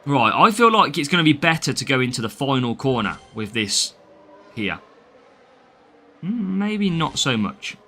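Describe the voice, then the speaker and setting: A man's voice: medium pitch, big pitch swings, unhurried, sharp tone. An English man streaming a mobile racing game live, chatting casually, greeting viewers by name and laughing often. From England. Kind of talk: live gameplay stream, reading chat.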